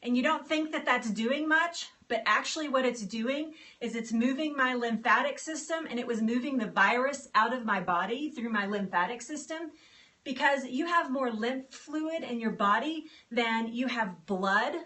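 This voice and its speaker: A woman's voice: fairly high pitch, moderate pace, pushed and bright. A woman health coach chatting casually on a live stream, upbeat and talking straight to her viewers about getting started with exercise.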